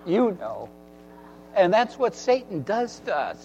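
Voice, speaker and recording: Slow, lively-voiced male preacher. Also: high-pitched, husky, in a large hall. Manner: earnest, repeats phrases for emphasis. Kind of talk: sermon. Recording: dull recording with faint mains hum.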